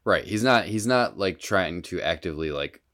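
Male podcast co-host, deep and smooth, easygoing. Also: moderate pace. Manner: relaxed, filler-heavy storytelling. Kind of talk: casual chat.

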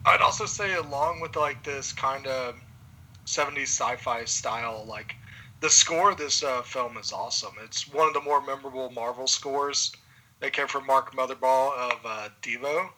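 Male co-host, very bright tone, loose rambling movie chat. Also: mid-range voice, moderate pace, rough recording. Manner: relaxed, rambling with many fillers. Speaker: podcast co-host. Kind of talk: casual movie review chat.

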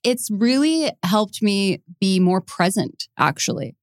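A woman's voice: mid-range voice, sing-song, slow, dry recording, studio quality. A woman speaking as a guest volunteer in a casual interview, sincere and reflective.

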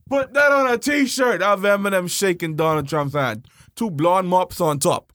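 A man co-hosting a podcast in casual chat, loud and joking with frequent laughter. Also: sits high, a little slow, dry recording, clean studio sound. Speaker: podcast co-host.

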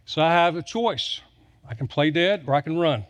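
Man, preaching, humorous stories, emphatic repetition, higher-pitched. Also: animated, normal speed. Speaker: pastor. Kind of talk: sermon.

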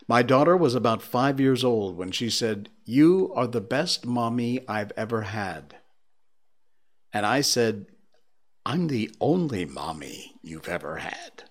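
A male stream host who reads strange stories aloud in a casual chat. He takes his time, and his pitch swings widely as he tells them. He drops in spooky little asides between the stories. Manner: slow, animated reader with spooky asides. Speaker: livestream host.

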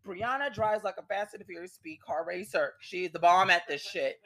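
A man hosting a casual podcast with friends, telling stories in a profane, excitable way. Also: high-pitched, normal speed, no echo, studio quality. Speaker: podcast host. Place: vacation house.

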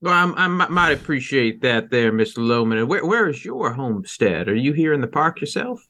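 Stammering country rancher, a man doing the voice, mid pitch, halting drawl. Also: sing-song, pushed and bright. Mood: neighborly.

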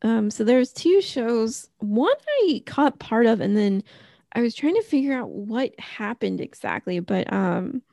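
A woman's voice: mid-range voice, vocal fry, darkish tone, no room sound, studio quality. A middle-aged woman co-hosting a podcast, chatting casually and rambling with lots of fillers. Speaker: podcast co-host. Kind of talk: casual chat.

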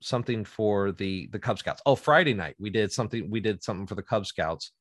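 A man's voice: on the low side, a little fast, dry recording, clean studio sound. A man in his thirties telling a casual story, laughing often and acting out what people said. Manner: animated, laughs often, acts out quotes.

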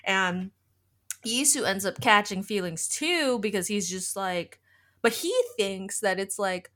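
A woman's voice: mid-range voice, unhurried, pushed and bright. A woman podcast host in casual chat, retelling a story in a rambling way full of "like.". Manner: rambling, heavy use of filler "like".

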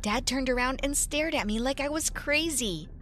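A young woman tells a first-person story with lively, expressive delivery. Her voice is bright and a little high. Quiet music plays beneath the narration. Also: normal speed.

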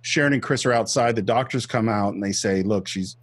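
Husky-voiced man recapping a film. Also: mid-range voice, fairly quick. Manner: retells film scenes step by step, with acted-out quotes. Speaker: podcast co-host. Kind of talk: casual film-discussion chat.

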